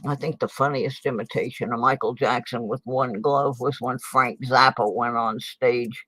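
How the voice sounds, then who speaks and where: A woman's voice: very deep voice, steady tone, moderate pace, fairly bright tone, no echo, low-quality recording. An older woman hosting a casual livestream, chatting and muttering asides to herself at her desk while she sorts coins. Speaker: channel host, coin roll hunter. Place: home desk in a small town.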